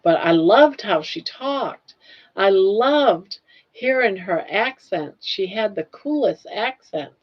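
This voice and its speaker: A woman's voice: medium pitch, expressive, breathy edge, highs cut off. An older woman hosting a casual livestream, chatting in a folksy way and reading out viewers' comments. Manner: chatty and folksy, drawing out viewers' names slowly. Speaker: livestream host.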